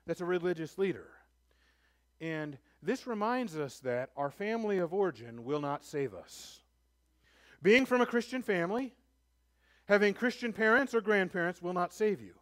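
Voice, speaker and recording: A man's sermon in church carries lively intonation at a normal speed. Speaking as pastor, he's earnest and pleading, swelling into emphatic points and then quieting to a low softness.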